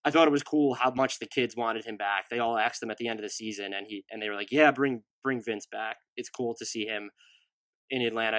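A man's voice: mid-range voice, bright, forceful tone, dry recording. A man co-hosting a casual sports podcast, reeling off roster lists and offhand asides. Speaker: podcast co-host.

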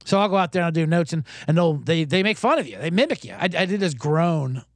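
A man's voice: a little high, lively intonation, fast talker, dry recording. A man hosting a comedic sports podcast, talking in a profane, rambling, self-deprecating way. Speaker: podcast host.

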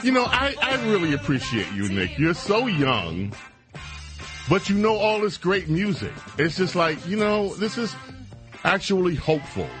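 A man's voice: high-pitched, sing-song, unhurried, music in the background. A man hosting a radio talk show, delivering an indignant, emphatic monologue with stammered restarts.

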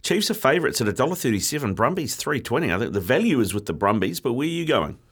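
A man, hosting a casual sports-betting chat, easygoing and quick to read out odds, who often says "mate". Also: medium pitch, sing-song, fairly bright tone, husky. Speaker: host.

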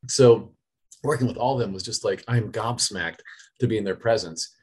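Husky enthusiastic middle-aged man. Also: lowish voice, moderate pace, darkish tone. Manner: enthusiastic, laughing fan talk. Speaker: actor being interviewed. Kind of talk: casual interview answers.

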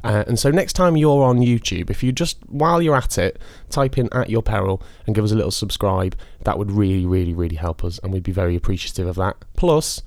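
A man's voice: on the low side, a little fast, hardly any pauses, darkish tone, dry recording. A man, a podcast host chatting casually and laughing often as he asks listeners for support. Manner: friendly, rambling, laughs often. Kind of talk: casual chat.

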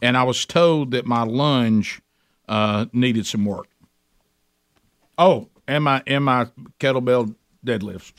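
A man in casual chat, telling an animated story and often stumbling over repeated words. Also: medium pitch, takes it slowly, long pauses, no echo, studio quality. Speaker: storyteller guest.

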